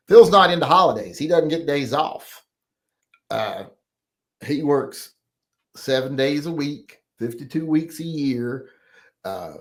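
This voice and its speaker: A man hosting a casual livestream, rambling and swearing as he chats with viewers over a computer microphone. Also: mid-range voice. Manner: rambling, profane, talks to himself and chat. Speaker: livestream host.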